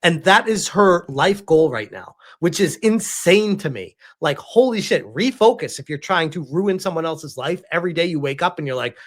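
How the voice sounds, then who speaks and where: Animated man commenting on a clip. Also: on the high side, moderate pace, hardly any pauses. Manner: emphatic and animated, laughs often. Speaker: reaction commentator. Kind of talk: casual commentary on a played clip.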